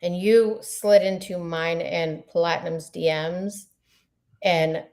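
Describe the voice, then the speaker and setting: A woman's voice: on the low side, fairly even intonation, takes it slowly, a little mellow. A woman co-hosting a casual chat show, blunt and exasperated, speaking plainly to listeners. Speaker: podcast co-host.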